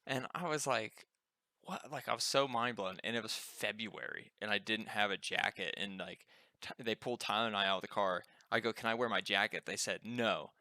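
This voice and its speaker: A young man swaps stories on a casual podcast, swearing freely and padding his sentences with "like". His voice sits a bit low but comes across bright and forceful. The sound is dry and close, with no room echo. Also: a little fast. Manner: profane, animated storyteller with many "like" fillers. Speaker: podcast co-host. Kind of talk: casual storytelling chat.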